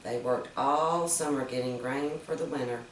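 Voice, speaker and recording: A woman reading fables aloud to children, gently explaining each moral with questions to her listeners. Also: rumbling low, moderate pace, slight background noise. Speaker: storyteller. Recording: roomy, distant mic.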